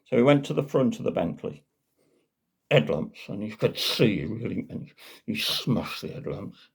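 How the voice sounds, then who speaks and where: A man with a Black Country accent telling a folk tale, lively and chatty with the odd filler. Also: on the low side, unhurried, creaky, breathy edge. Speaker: storyteller.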